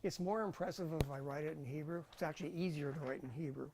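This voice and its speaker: A man's voice: fairly high pitch, fast, noisy background. A man teaching a Bible college class in a casual lecture style, thinking aloud with fillers and restarts.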